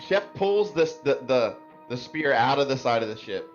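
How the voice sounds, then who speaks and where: A man's voice: medium pitch, expressive, moderate pace, muffled recording, soft background music. A man playing a tabletop game, who talks in a playful, laughing way. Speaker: player.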